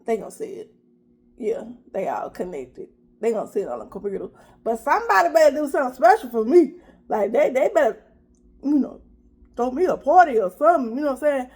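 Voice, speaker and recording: A woman's voice: high voice, sing-song, brisk, a little mellow, slightly rough. A middle-aged woman vlogger chatting casually while she eats, telling a story straight to her viewers. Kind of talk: casual eat-with-me chat.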